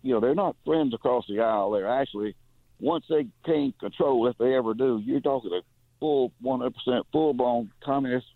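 Male call-in guest, gravelly voice, halting delivery, heard over a tinny phone line. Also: mid-range voice, no echo. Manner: hesitant, many fillers and restarts. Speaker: caller. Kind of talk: call-in radio talk.

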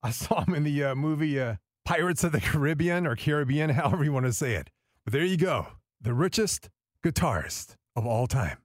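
A man's voice: medium pitch, sing-song, a little fast, no room sound, clean studio sound. Upbeat radio host man counting down. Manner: upbeat, chatty, repeats "of course". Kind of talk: countdown list podcast.

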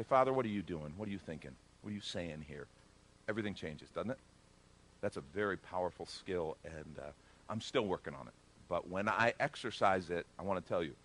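Speaking at a fairly low pitch, a middle-aged pastor gives a conversational sermon. He makes joking asides and gets louder when he wants to emphasize a point.

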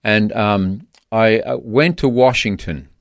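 A guest author from Australia speaks in a radio interview, sounding earnest and a little halting, often circling back to restart a thought. His voice sits low, and the studio sound is close and dry with no room echo.

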